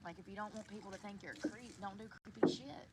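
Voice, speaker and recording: A woman's voice: mid-range voice, steady tone, fast talker, slight background noise. A woman talking to viewers on an outdoor livestream in a park, indignant and swearing a lot. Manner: indignant, profane, talks to viewers.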